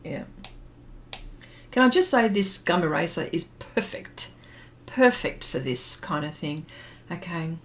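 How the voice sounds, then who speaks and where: A woman's voice: on the low side, animated, unhurried, a little hiss or hum. A middle-aged woman hosting an art livestream, chatting casually and reminiscing with plenty of fillers while she draws. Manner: rambling, reminiscing, with many fillers and laughs. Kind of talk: casual chat while drawing and reading viewer comments.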